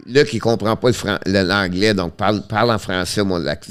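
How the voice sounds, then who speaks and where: A man with a Quebec French accent who hosts a casual live stream about hockey. He answers viewers in a halting way, restarts his sentences often and switches between English and French. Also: on the low side.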